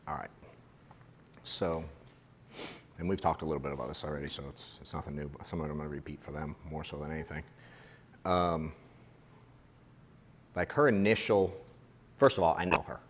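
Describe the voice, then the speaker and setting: A man's voice: a bass voice, steady tone, brisk, pauses often, long reverb tail, a little hiss or hum. A man who runs an agency, coaching his agents in a casual, blunt way with the odd swear word. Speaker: agency owner training agents. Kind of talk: casual coaching talk to a room. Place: office meeting room.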